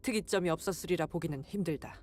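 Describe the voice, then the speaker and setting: A composed female game character fires off her lines at great speed, as a voice actress plays her. Her voice sits a little low and stays matter-of-fact throughout. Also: rapid-fire, darkish tone, lightly acted. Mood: calm. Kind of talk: game voice line dialogue.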